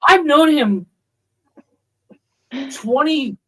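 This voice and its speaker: A man's voice: very high-pitched, animated, extremely slow, fairly bright tone. A man in his forties hosting a comedy podcast, chatting loosely with crude, joking banter. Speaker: podcast host. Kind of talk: casual comedy podcast chat.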